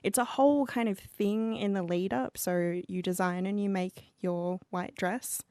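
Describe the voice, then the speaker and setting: A young woman co-hosting a podcast, telling stories in a chatty, animated way with lots of "like". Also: mid-range voice, unhurried, no room sound. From Australia. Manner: chatty, animated storyteller with fillers like "like". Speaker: podcast co-host. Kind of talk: casual chat.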